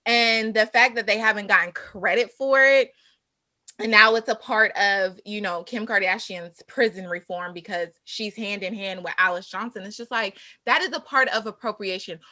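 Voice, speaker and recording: Bright, forceful woman co-host. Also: medium pitch, moderate pace, no room sound. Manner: forceful, impassioned and preachy. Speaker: podcast co-host. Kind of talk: casual chat.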